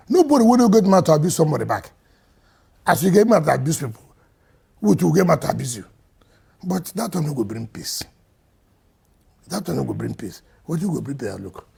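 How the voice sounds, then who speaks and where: A Nigerian-accented state governor answers interview questions emphatically, his volume swinging between loud and quiet. His voice sits on the high side and sounds sing-song, brisk, creaky and husky, and he pauses often.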